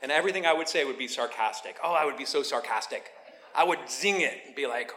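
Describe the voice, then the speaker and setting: A man preaching a sermon, telling a lively story with playful asides and then teaching in a quieter, earnest way. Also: fairly high pitch, fairly quick, crowd noise. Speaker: pastor.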